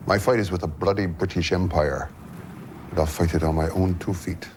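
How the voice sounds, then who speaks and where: An actor playing a defiant middle-aged rebel in a put-on Irish accent. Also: male voice, low-pitched, fairly even intonation, moderate pace, a little mellow, a little hiss or hum, close to an everyday voice.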